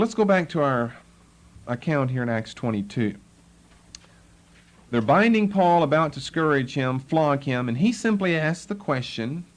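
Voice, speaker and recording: A man teaching a Bible lesson, explaining the text and acting out the tone of the people he quotes. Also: a little high. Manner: explanatory, acts out the tone of quoted speakers.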